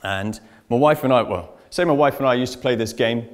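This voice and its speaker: A man speaking at a conference in front of a live audience. His delivery is chatty and anecdotal, and he speaks straight to the room. His voice sits at an ordinary middle pitch. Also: a little fast. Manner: chatty anecdotal storytelling, addresses audience directly. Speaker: information security speaker. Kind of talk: conference presentation.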